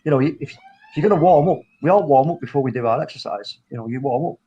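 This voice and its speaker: Husky-voiced man talking football. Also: medium pitch, fast, dull audio. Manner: animated, rambling, with restarts and self-interruptions. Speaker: football podcast host. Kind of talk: casual football chat.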